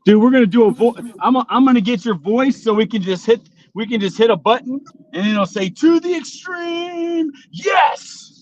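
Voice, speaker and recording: A man's voice: high voice, fast talker. A man hosting a live stream, talking in an upbeat, chatty way. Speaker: stream host. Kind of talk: casual live-stream chat. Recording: dull, slightly noisy audio.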